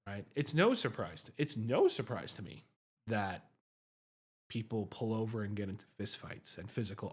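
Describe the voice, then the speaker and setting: Male host, casual livestream storyteller, husky voice, pitch swinging widely, self-deprecating and chatty. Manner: animated, self-mocking, chatty with many tags like "right?". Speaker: psychiatrist hosting a livestream.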